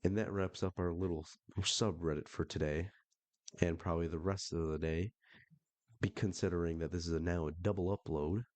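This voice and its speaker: A young man with a low, deep voice delivers casual commentary while reading online messages aloud. His tone is sarcastic and blunt, and he swears freely. The sound is dry and close, with no room echo. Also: fairly even intonation, a little fast, a little mellow. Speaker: reddit story reader.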